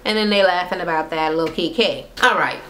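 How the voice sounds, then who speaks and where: A woman's voice: fairly low pitch, fairly quick, pushed and bright. Blunt, profane woman recapping in an echoey room. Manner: blunt, profane, gossipy and sarcastic. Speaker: reality TV recap vlogger. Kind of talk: casual rant recapping a reality show. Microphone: camera mic.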